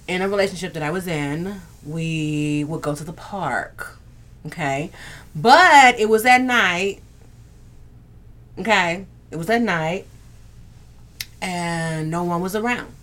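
A woman's voice: on the low side, takes it slowly, pauses often, a bit bright. A young woman hosting a casual livestream, bantering with viewers, reading their comments aloud and laughing often. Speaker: livestream host. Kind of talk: casual live chat.

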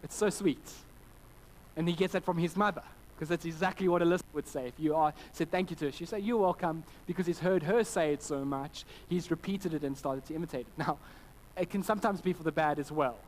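A man in his thirties giving a conversational sermon, his voice sitting a little higher than most men's. He tells family stories with animated quoted voices and stumbles through restarts. A faint hum of background noise runs underneath. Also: fairly quick, low-quality recording. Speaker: pastor.

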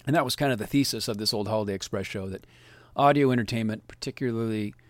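A man's voice: lowish voice, fast, no echo. A man hosting a radio show, talking casually and reflectively with small restarts.

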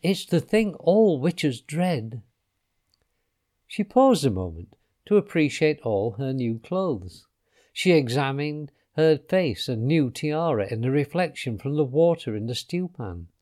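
A man reading a children's storybook aloud in an expressive way, letting his voice drop softly on the speech tags. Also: medium pitch, a little slow.

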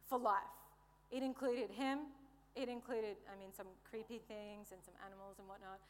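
A woman's voice: mid-range voice, steady tone, moderate pace. A woman preaching a sermon in a playful, conversational way, joking with the congregation. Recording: reverberant hall.

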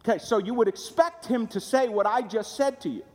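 A male pastor preaching a sermon in a conversational, animated way, putting questions to his congregation. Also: sits high, a little fast. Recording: long hall reverb.

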